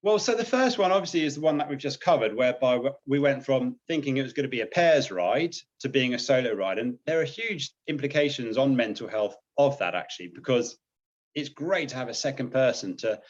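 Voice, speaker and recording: A man's voice: mid-range voice, lively intonation, brisk. Man, British, chatty, upbeat, frequent laughs, muffled lo-fi recording. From Britain. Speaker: guest, naval officer and charity cyclist. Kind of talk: casual interview chat.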